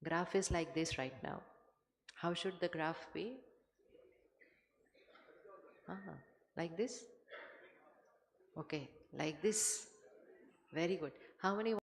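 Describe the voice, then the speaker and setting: A woman giving a spiritual talk to a live audience, measured and conversational, often putting questions to the listeners. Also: lowish voice, vocal fry, slight background noise. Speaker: spiritual speaker. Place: large hall with an audience. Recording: hall reverb from a stage mic.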